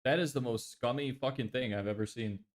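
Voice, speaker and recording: A man's voice: medium pitch, fairly quick. A young man casually chatting on a live stream, exasperated and swearing often as he answers viewers. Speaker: livestreamer.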